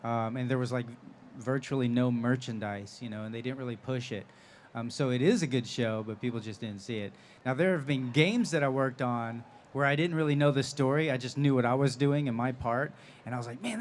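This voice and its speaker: On a convention stage, a male voice actor guest who plays anime and game characters fields fan questions at a panel. His mid-range voice moves fairly quickly over slight background noise as he tells animated stories and laughs often.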